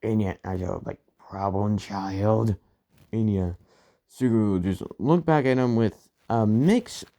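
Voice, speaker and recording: A man's voice: on the low side, mellow. A man casually retelling a fan-made story, rambling with many fillers and restarts.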